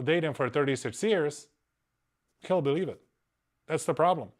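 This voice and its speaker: A dating coach talking bluntly and crudely on a live stream while reading a story aloud. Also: male voice, on the high side, moderate pace, pauses often. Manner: blunt, crude and mocking asides.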